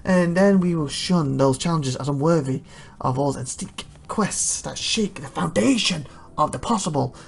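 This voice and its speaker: A man's voice: on the high side, normal speed, gravelly, breathy edge. A man voicing a boastful young adventurer in a game, speaking in overblown lines. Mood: grandiose. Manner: grandiose, overblown.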